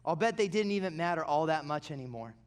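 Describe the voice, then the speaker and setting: A pastor preaching a sermon, telling stories animatedly and dropping into quiet, intense passages. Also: male voice, on the high side, expressive, fast, clean tone.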